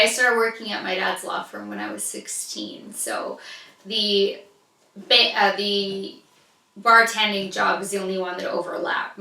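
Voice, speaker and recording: American woman, 30s, casual vlogger chat, bright voice, roomy echo. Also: medium pitch, creaky, far from the mic. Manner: chatty and gushing, with playful asides. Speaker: beauty vlogger answering viewer questions. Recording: echoey room, a little off-mic.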